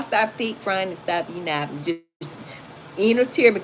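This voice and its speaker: A woman hosting a livestream, reading chat comments and telling stories to her viewers in a loud, animated, casual way, calling them "y'all". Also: medium pitch, moderate pace. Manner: animated, loud, talks straight to the audience and calls them y'all. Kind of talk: casual storytelling to a livestream audience. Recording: noisy home livestream.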